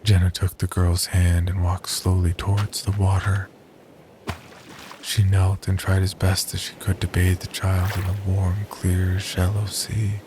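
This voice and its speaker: A man narrating a horror story in a measured, scripted storytelling manner. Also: low-pitched, completely flat delivery, background noise.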